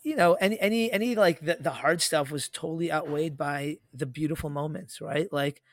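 A fairly high-voiced man in his thirties rambles through a story with plenty of fillers. His voice sounds dry and close, with almost no room echo. It's a relaxed podcast chat. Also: normal speed. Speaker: podcast co-host.

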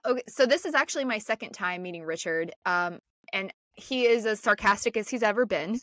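An American woman co-hosting a podcast in casual chat, bubbly and excited like a fan. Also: medium pitch, brisk, no echo. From United States. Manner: bubbly, fangirling. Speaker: podcast co-host.

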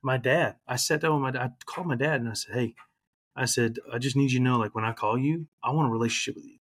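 A man's voice: mid-range voice, fast talker. A man in his thirties speaks as a podcast guest, with an ordinary mid-range voice. He tells his own story candidly and reflectively, earnest and open, with feeling close to the surface. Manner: earnest, reflective, emotional at times.

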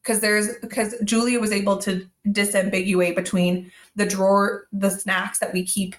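A woman's voice: medium pitch, little pitch movement, moderate pace. A woman in her thirties co-hosting a parenting podcast, chatting casually and telling stories about her young child with quoted asides. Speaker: podcast co-host. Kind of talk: casual chat.

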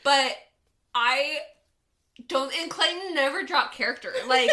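A woman's voice: sits high, unhurried, bright, forceful tone. A woman in her thirties co-hosting a podcast, telling rambling stories with frequent laughter. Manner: rambling storyteller, laughs often. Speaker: podcast co-host. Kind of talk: casual chat.

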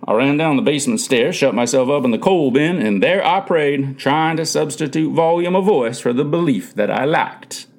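A man reading a first-person memoir aloud as the narrator, earnest in tone and lifting his voice for quoted speech. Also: on the high side.

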